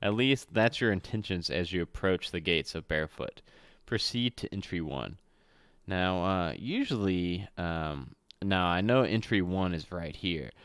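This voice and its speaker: Deep-voiced man reading a solo adventure. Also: animated, a little slow, clean tone, no echo. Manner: reads with slips and self-corrections, chatty asides. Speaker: game master.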